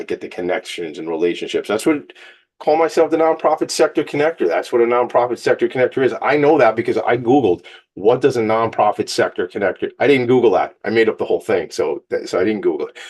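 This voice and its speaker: Fired-up low-voiced radio host. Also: male voice. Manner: fired-up, joking, motivational. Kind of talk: energetic radio monologue.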